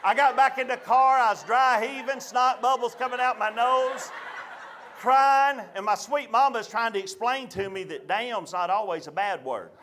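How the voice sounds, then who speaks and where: High, bright Southern comedian spinning a yarn. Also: male voice, moderate pace, slight background noise. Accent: Southern American. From Chattanooga area, US. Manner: animated, folksy, punchy storytelling. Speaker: stand-up comedian. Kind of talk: stand-up storytelling. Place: live comedy stage.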